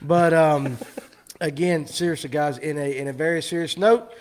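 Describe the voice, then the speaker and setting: A man's voice: a little high, steady tone, moderate pace. A man hosting a live fishing show, rambling and teasing his guests in casual chat.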